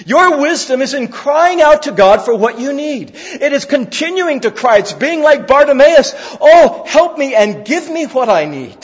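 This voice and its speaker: A man preaching a sermon at a church service, earnest and repetitive, building to emphatic calls. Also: very high voice. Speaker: pastor. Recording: roomy hall, slightly dull sound.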